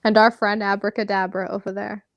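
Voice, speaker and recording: A woman's voice: mid-range voice, little pitch movement, fairly quick, no room sound. A woman joining a podcast as a guest, speaking in a friendly, teasing way. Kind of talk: casual call-in chat.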